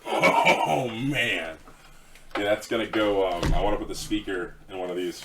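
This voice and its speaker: A man's voice: lowish voice, measured pace, fairly bright tone, recorded from a distance, slight background noise. A man co-hosting a podcast in casual chat, laid-back and slangy, swearing often. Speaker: podcast co-host.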